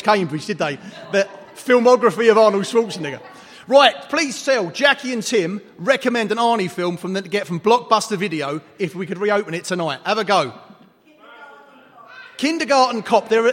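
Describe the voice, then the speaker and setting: A preacher with a fairly high voice delivers a playful Easter sermon, bantering with his congregation and throwing questions at them. His words ring out through a large church hall with a long, lingering reverb. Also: fairly bright tone.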